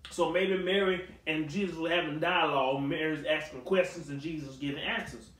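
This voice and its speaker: A male pastor preaching a Bible study. He talks conversationally, acts out the people in the story with sass and humor, and rises to shouting. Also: fairly high pitch, steady tone, brisk, echoey room, far from the mic, rough recording.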